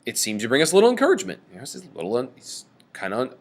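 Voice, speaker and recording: A man giving a lecture on a play, reading lines aloud and explaining them in an animated, casual way. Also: mid-range voice, racing. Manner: animated, reads quoted lines with raised voice. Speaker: teacher.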